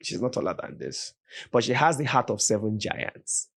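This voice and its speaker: A Nigerian man, a podcast guest, telling a story with animated, vivid retelling and voiced quotes. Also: lowish voice, moderate pace, vocal fry. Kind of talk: dramatic storytelling in conversation.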